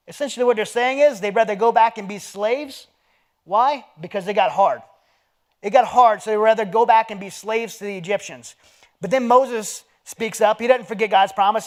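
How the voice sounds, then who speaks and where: A man in his forties preaching at a men's dinner in a fairly high voice. He talks in a conversational, earnest way and tells stories between scripture readings. He often sinks to a hushed, low tone on personal points. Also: normal speed. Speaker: guest speaker at a men's dinner. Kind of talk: conversational sermon.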